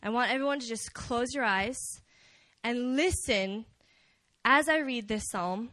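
A young woman giving a casual, story-driven talk at a church prayer meeting, chatty and animated, with many fillers. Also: fairly high pitch, a little slow, no room sound. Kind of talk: conversational sermon.

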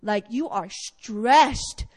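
A woman delivers a sermon in a high voice, telling the story with lively energy. She acts out what each character says as she goes. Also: drawn-out words, in a large hall. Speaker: preacher.

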